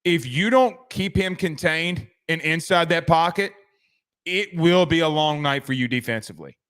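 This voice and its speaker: Rambling high-voiced sports talk man. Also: moderate pace, fairly bright tone, clean tone. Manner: rambling, joking, trails off into asides. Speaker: sports show host. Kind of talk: casual sports commentary.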